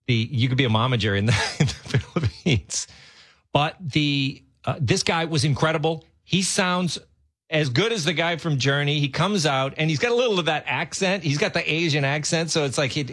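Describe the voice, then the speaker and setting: A man's voice: a little high, animated, a little fast, a bit bright, slightly rough. A man hosting a radio talk show as a fill-in, chatty and enthusiastic.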